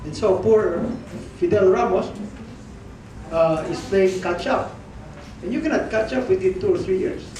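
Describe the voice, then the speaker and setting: Man, Filipino accent, newspaper columnist, rambling anecdotes, chuckles, high-pitched, heavy echo, noisy room. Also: unhurried, long pauses, darkish tone. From Philippines. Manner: rambling anecdotal storytelling, chuckling, mixing in Tagalog. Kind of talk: informal press conference remarks. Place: press club gathering room. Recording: echoey, distant mic, noisy room.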